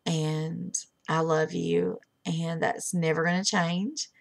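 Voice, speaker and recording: A middle-aged woman speaks in a low voice with a gravelly edge. She says a heartfelt, halting goodbye to the friends she made online, pausing often as she fights back tears. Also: steady tone. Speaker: webcam streamer. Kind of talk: emotional farewell message.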